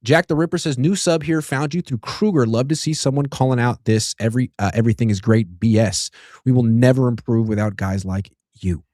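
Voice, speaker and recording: A man's voice: medium pitch, fairly quick, warm tone. A man in his thirties with a mid-range voice hosts a sports chat, reading out viewer comments and replying easily. The recording is dry, with no room echo. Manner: easygoing, reads super chats aloud. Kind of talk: casual sports talk.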